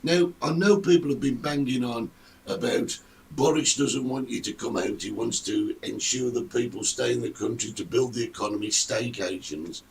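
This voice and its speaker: A man hosting a casual live-streamed talk show, chatting in an animated, storytelling way. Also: mid-range voice, moderate pace, vocal fry. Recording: distant mic with faint room noise.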